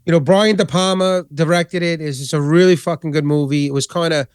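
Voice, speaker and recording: A man's voice: fairly high pitch, brisk, clear, resonant tone, no room sound, clean studio sound. A man co-hosting a podcast, chatting casually about movies and retelling scenes with lots of swearing and energy. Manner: profane, animated retelling of scenes. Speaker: podcast co-host.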